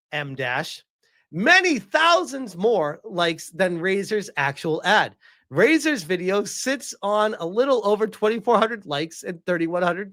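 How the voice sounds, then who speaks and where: A man's voice: sits high, pushed and bright. A man giving heated, profane reaction commentary, reading article quotes aloud between his own remarks.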